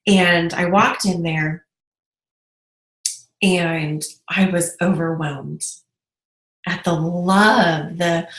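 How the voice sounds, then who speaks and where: A woman's voice: on the low side, steady tone, extremely slow, pauses often, a bit bright. Chatty woman in an echoey room. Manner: chatty, earnest, emotional. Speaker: direct sales team leader. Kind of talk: casual live video talk to viewers. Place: moved to North Carolina.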